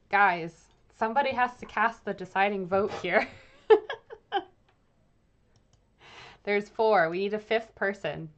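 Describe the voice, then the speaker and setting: A woman's voice: lowish voice, muffled recording. A young woman from the UK streaming a game and chatting casually with viewers, thinking aloud with many fillers. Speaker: streaming host and archaeologist. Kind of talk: casual live-stream commentary.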